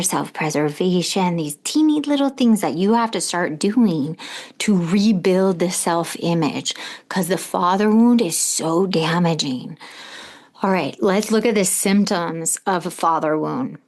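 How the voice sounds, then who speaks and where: A middle-aged woman with a fairly low voice hosts a podcast in a direct, earnest monologue. She keeps putting questions straight to her listeners as she talks them through the topic. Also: a little mellow. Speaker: podcast host and coach. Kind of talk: advice monologue.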